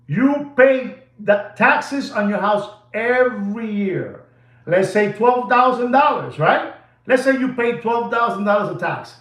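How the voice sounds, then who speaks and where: A man's voice: sits high, a bit bright. A man hosting a watch channel, rambling and lecturing, repeating himself for emphasis. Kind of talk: rambling video monologue. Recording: echoey room.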